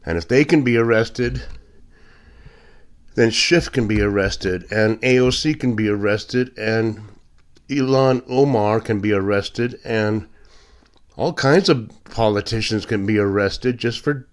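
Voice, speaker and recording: A man's voice: lowish voice, a little slow. A man delivering a blunt, indignant opinion monologue as a podcast host, with sarcastic asides. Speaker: political commentator.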